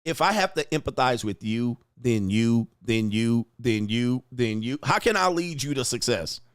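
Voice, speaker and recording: A man's voice: mid-range voice, animated, unhurried, clean tone, no echo, clean studio sound. Brash profane man ranting to chat. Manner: brash, profane, loud rants with laughter. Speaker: online talk show host reading chat. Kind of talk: casual live-stream commentary.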